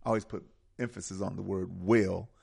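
A man's voice: sits low, fairly even intonation, vocal fry, a little mellow, slightly rough. A man hosting a radio talk show, speaking with an emphatic, preaching cadence and repeating key words. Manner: preaching cadence with dramatic pauses.

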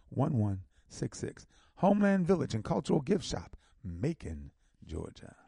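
A man hosting a community radio show, reading out local announcements and repeating phone numbers slowly with emphatic stresses. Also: medium pitch, vocal fry, dark tone, slightly rough, no room sound, clean studio sound.

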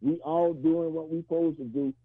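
Man, casual street-style talk, husky voice, high-pitched, phone-line sound. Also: fairly even intonation, moderate pace. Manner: loose, street-casual, ends lines with "man".

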